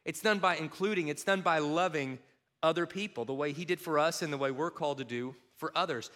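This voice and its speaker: A man's voice: fairly high pitch, brisk. A middle-aged man from Kentucky preaching a sermon, mixing funny personal stories with scripture. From Kentucky, USA. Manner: animated, self-mocking humor with quoted voices. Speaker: pastor. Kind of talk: sermon with storytelling.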